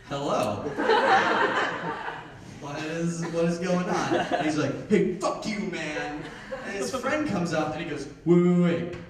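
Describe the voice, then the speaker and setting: A young man telling a stand-up story, deadpan, acting out the voices of the people in it. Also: fairly high pitch, very noisy. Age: young adult. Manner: deadpan storytelling, acts out the voices in his anecdotes. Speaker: stand-up comedian. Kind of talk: stand-up comedy set. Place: small theater with a live audience. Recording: distant, echoey room, loud audience laughter. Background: audience laughter.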